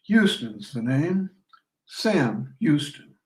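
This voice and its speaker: A man's voice: fairly high pitch, big pitch swings, extremely slow, full character voice. A man reading as an easygoing frontier general. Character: tall, confident frontier general, amused and easygoing. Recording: roomy sound from a distant mic.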